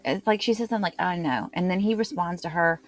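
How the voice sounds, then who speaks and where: A woman's voice: quick pace, no echo, soft background music. A woman hosting a true crime talk, retelling an interrogation and reading out the quoted lines with extra emphasis. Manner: reads quotes with raised pitch and emphasis. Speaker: true crime channel host.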